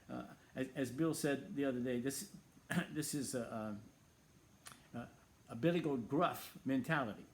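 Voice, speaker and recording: A man's voice: mid-range voice, a little slow. A man hosting a Christian talk show, speaking earnestly and emphatically as he reasons aloud.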